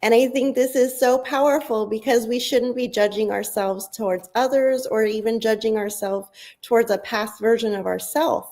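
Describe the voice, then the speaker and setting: A woman's voice: a little high, steady tone, moderate pace, a little mellow. A woman on a virtual panel speaking in an upbeat, encouraging way. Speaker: summit speaker. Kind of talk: panel discussion. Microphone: video call.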